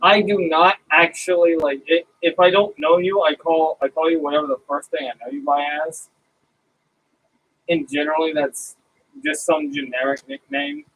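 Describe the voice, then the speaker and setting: A man's voice: a little high, expressive, moderate pace, creaky, a bit bright, slight background noise, low-quality recording. A man co-hosting a podcast, chatting casually and bluntly with asides. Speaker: podcast co-host. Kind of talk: casual chat.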